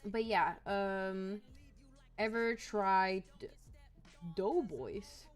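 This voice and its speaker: A woman's voice: medium pitch, drawn-out words, faint music behind. A woman streamer chatting casually and rambling as she reads chat messages aloud.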